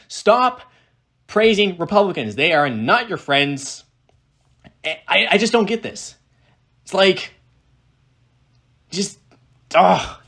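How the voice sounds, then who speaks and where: A man's voice: fairly high pitch, fairly bright tone. A man giving casual reaction commentary on a political speech, ranting in a sarcastic, profane, exasperated way.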